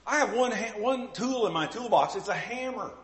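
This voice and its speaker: A man's voice: high-pitched, animated, normal speed, a bit bright. A middle-aged male pastor preaching a sermon with folksy, self-deprecating stories. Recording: echoey room.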